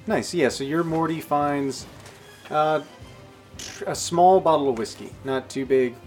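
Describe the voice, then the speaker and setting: A man narrating as game master, relaxed, explaining rules and describing vivid gore. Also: fairly high pitch, unhurried, soft background music. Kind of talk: casual tabletop game narration.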